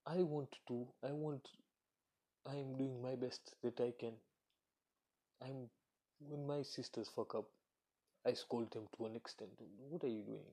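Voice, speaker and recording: A man's voice: mid-range voice, steady tone, a little slow, long pauses, warm tone, slightly rough. A man in a casual solo monologue, talking bluntly with heavy swearing and acting out what other people say. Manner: blunt, profane, ranting; acts out quoted voices. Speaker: commentator.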